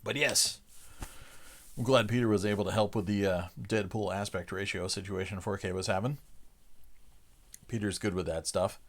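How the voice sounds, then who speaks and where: A livestream host chats casually with his viewers, chuckling between loose sentences full of "uh" fillers. His voice is fairly low, his pace moderate, and he pauses often in this relaxed exchange with live chat.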